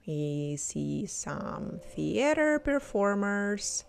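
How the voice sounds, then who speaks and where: Slow, patient woman teaching vocabulary. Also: mid-range voice, very animated, vocal fry, a little mellow, faint music behind. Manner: repeats each word slowly for learners to imitate. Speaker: language teacher. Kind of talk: slow, clear language lesson with repetition.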